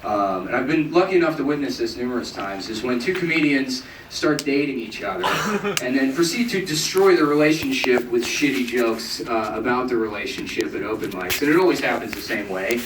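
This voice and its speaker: A man's voice: brisk, far from the mic, background noise. Young man doing stand-up in a roomy club. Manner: deadpan storytelling, jumps high for quoted voices. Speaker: stand-up comedian. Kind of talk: stand-up set. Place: comedy club stage. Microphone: handheld stage mic, taped from the audience. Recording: roomy bootleg taped from the crowd. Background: crowd laughter.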